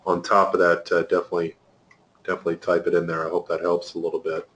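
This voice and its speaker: A man hosting a webinar, answering briskly and reassuringly with fillers. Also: deep voice, monotone, a bit bright, lo-fi sound, a little hiss or hum. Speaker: webinar host.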